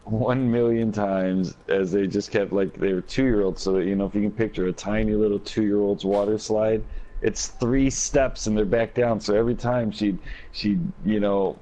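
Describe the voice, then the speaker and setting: A man with a raspy, hoarse voice, telling a long rambling story with many fillers while streaming a game on a headset mic. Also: on the low side, steady tone, moderate pace, dark tone, low-quality recording. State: hoarse from screaming. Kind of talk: casual gaming chat.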